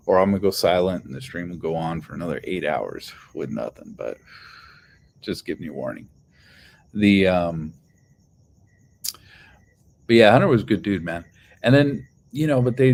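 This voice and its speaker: This man's fairly low, darkish voice carries a heated, profane story on a casual phone livestream. He curses a lot and wanders loosely, restarting again and again.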